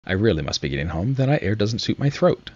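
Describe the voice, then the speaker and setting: A man voicing a fussy old magpie in a storybook reading, with a husky voice. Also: on the low side, very animated, fast, dry recording, muffled recording.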